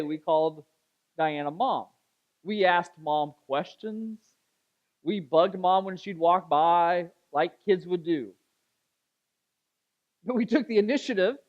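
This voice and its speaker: A man pastor telling a story in a sermon, chatty and animated, acting out the voices of the people in it. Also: high-pitched, muffled recording. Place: church sanctuary.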